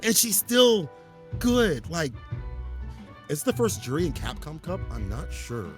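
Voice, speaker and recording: A man doing casual esports commentary after a match, animated and playful, joking with his co-host. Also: on the high side, measured pace, soft background music. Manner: animated, hype, playful trash talk.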